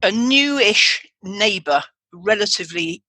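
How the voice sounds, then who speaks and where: A woman's voice: mid-range voice, animated, measured pace, sharp tone, no echo. A woman hosting a podcast in casual chat, rambling along with restarts and asides. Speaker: podcast host.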